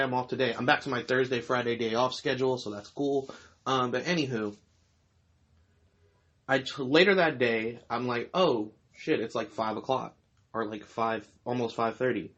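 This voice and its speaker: A man's voice: medium pitch, fairly bright tone, dull audio. A young man hosting a podcast, chatting casually and telling a long story with lots of fillers. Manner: loose, rambling storytelling with fillers and laughs. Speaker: podcast host. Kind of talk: casual chat.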